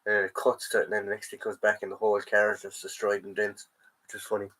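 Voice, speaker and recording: A man's voice: fairly low pitch, completely flat delivery, fast talker, bright, forceful tone, low-quality recording. An Irish man with a sore throat hosting a casual live stream, rambling and answering chat comments as he goes.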